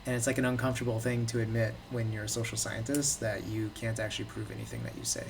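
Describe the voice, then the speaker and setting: A man with a gravelly, fry-laden voice explains his ideas in loose casual chat, hedging and circling as he lectures. He sits a little back from the mic, with a faint hiss underneath. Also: fairly low pitch, little pitch movement, fast talker. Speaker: podcast co-host. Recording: distant mic with faint background noise.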